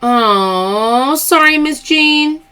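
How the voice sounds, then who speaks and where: A woman's voice: high-pitched, lively intonation, drawn-out words, pushed and bright. Female live-stream host: chatty, open, emphatic, talking straight to her viewers. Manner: chatty and emphatic, open about personal matters. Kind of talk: live stream chat, answering viewer comments.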